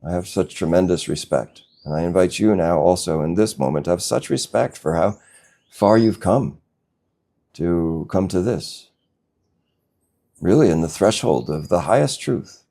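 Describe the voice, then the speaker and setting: A man giving a slow, gentle spiritual talk as a teacher, reflective and unhurried, now and then laughing softly. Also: sits low, vocal fry. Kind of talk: satsang talk.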